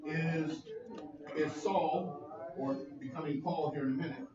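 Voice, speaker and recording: A man leading a small group Bible study, teaching in an earnest, halting way with many pauses. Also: on the high side, steady tone, crowd noise. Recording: roomy lo-fi sound from a distant mic.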